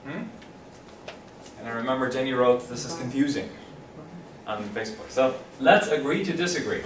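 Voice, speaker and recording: A man teaching an English class, animated, repeating phrases slowly and clearly for his students. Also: medium pitch, a little hiss or hum. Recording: roomy classroom from a distance.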